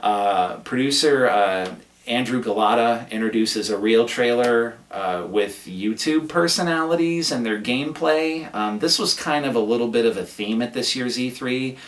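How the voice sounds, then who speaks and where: A man's voice: medium pitch, moderate pace, reverberant, far from the mic. A man giving a casual, rambling recap of a gaming event, sarcastic and prone to cursing. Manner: sarcastic, profane, rambling rant. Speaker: gaming commentator.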